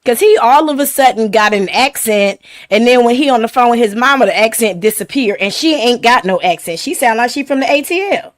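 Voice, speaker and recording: A woman's voice: a little high, animated, brisk, few pauses, dry recording, studio quality. A woman reacting to a video, mocking and laughing in sassy asides. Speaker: reaction commentator. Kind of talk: reaction commentary.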